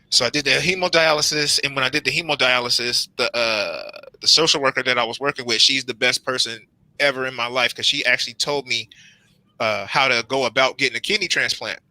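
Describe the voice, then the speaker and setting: A young man telling his own hospital story on a panel, lively and acting out his reactions in quoted lines. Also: mid-range voice, dry recording, low-quality recording. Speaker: transplant patient on a panel. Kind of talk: animated personal storytelling.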